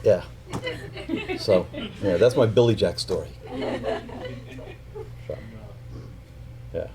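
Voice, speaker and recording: Animated middle-aged male storyteller. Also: low voice, crowd noise. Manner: animated, profane, acts out the people in his story; quiet and halting when he speaks about his family. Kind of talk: live personal storytelling.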